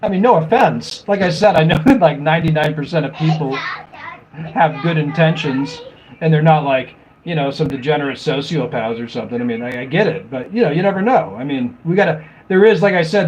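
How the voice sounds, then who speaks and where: A man's voice: a little high, slight background noise, low-quality recording. A middle-aged man hosting a live stream, chatting casually, rambling and laughing often as he mocks commenters.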